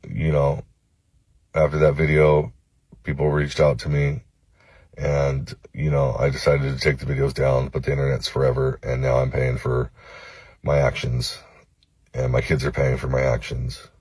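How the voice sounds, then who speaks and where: A man from Los Angeles recording a phone-camera apology video, halting and cursing, with many pauses and fillers. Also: rumbling low, monotone, a little mellow, husky, no room sound. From Los Angeles, United States. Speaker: vlogger.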